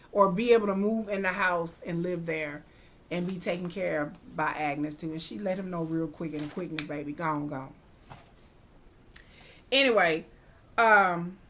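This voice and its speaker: A young adult woman giving a casual, animated TV episode recap in slangy talk, acting out what the characters say. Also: medium pitch. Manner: animated, slangy retelling with acted-out quotes. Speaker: TV recap vlogger.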